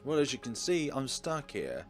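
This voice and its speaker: A man voicing a lost, gentle female songbird folk musician, speaking in a halting, apologetic way. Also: medium pitch, wildly swooping pitch, faint music behind, voice pushed up. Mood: wistful.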